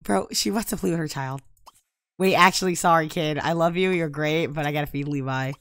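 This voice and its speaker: A young woman giving casual gameplay commentary, exasperated and prone to loud outbursts. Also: sits low, moderate pace, dry recording. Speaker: gaming YouTuber.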